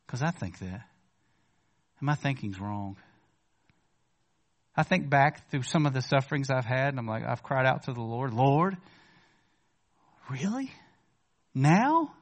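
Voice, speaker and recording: A man preaching a sermon in a church, talking conversationally to the congregation and rising to emphatic questions before dropping to quiet asides. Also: mid-range voice, creaky. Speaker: pastor.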